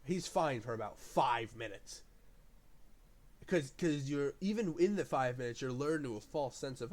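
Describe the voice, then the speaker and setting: A man's voice: mid-range voice, lively intonation, normal speed. A man reviewing a film off the cuff, rambling loosely, swearing often and breaking into enthusiastic bursts. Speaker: movie reviewer. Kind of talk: casual unscripted review.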